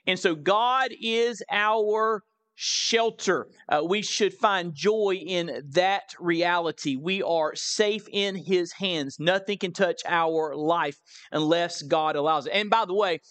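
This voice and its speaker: Southern pastor preaching in an echoing church. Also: male voice, high voice, a bit bright. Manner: preaching with emphatic repetition, questions to the congregation. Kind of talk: sermon. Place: church sanctuary. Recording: live recording with long hall reverb.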